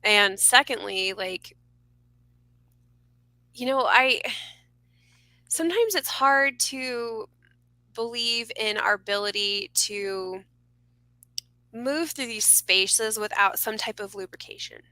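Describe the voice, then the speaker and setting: A woman speaking as a podcast guest, earnest and expressive, laughing often as she talks about mystical experiences. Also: fairly high pitch, slow, long pauses, low-quality recording. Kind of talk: casual conversation.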